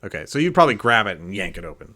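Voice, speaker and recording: A man running a tabletop horror game as game master, describing scenes in a loose, halting way full of ums and likes. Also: on the low side, sing-song, sharp tone.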